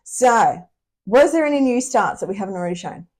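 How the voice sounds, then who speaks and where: A woman's voice: mid-range voice, animated, brisk, darkish tone. A woman co-hosting a cross stitch video, chatting casually and laughing often. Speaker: co-host of a cross stitch channel. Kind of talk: casual chat.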